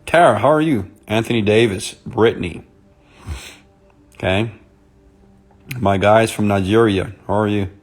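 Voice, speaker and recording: A man speaking softly and intimately on a live stream, greeting viewers by name as a motivational speaker. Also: lowish voice, measured pace, long pauses, faint music behind. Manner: soft, intimate on purpose; chatty, greets commenters by name.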